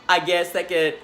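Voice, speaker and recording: A man dishes a sassy, profane reality show recap in a mid-pitched voice. He talks in an animated way, full of attitude. Faint music sits behind him. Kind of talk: casual recap commentary.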